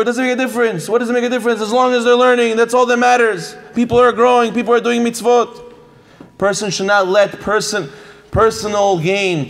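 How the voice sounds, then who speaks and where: A man giving a lively sermon, telling stories and acting out the people in them with repeated phrases. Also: sits high. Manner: animated, repetitive phrasing, acts out quoted voices. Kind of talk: sermon with storytelling.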